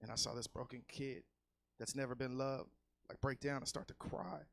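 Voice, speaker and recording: Male stand-up comic, casual and profane, average pitch, dry close sound, loud yelled punchlines. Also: steady tone, normal speed, gravelly, no echo. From California. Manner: loose, profane, swings into loud yelled bits. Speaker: stand-up comedian. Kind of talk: stand-up set. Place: comedy club stage.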